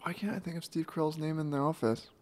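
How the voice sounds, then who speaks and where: A man's voice: a little high, steady tone, quick pace, a little mellow. A man giving short dry answers and jokes while playing a question card game with friends.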